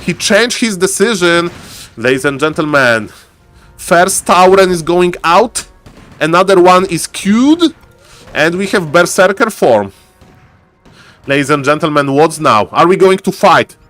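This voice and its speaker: A man giving excitable live commentary on a strategy game as a streamer, often calling out to the audience. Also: a little high, unhurried, soft background music. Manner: excitable, repeats catchphrase "ladies and gentlemen". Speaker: esports caster.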